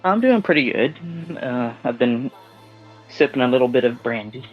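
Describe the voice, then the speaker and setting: A man's voice: mid-range voice, lively intonation, moderate pace, soft background music. A man calling into a live stream, answering in a hesitant, unsure way. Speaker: caller. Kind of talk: casual live-stream chat. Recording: dull lo-fi call audio.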